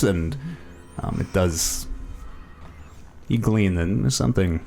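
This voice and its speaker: A man's voice: deep voice, slow pace, vocal fry, pauses often, a little mellow, soft background music. A man narrating as dungeon master, with many ums and restarts. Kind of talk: narrating a tabletop game.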